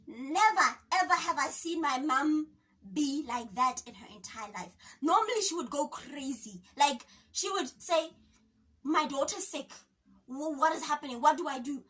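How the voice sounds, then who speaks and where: Bright, high-voiced South African woman. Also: moderate pace. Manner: dramatic, expressive, acts out quotes with sudden pitch jumps. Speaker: YouTuber. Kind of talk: animated storytime vlog. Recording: voice a bit distant from the mic.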